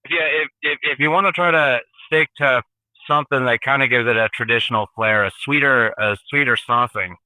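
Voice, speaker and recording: A man's voice: medium pitch, fairly quick, bright, forceful tone, dry recording, rough recording. A man who drives trucks, a guest in casual chat, easygoing and chuckling, with hesitant restarts.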